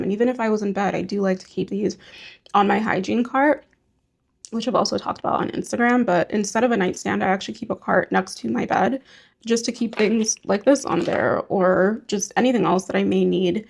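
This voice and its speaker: A young woman vlogging casually as she goes through her hygiene routine, talking in a gentle, reassuring, rambling way with many fillers. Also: medium pitch, brisk, gravelly. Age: young adult. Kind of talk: casual talk to camera while doing hygiene.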